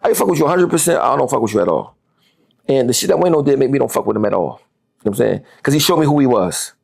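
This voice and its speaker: A man's voice: mid-range voice, lively intonation, rapid-fire, vocal fry, breathy edge. A man, a guest on a podcast interview, talking heatedly and profanely and repeating words as he gets worked up.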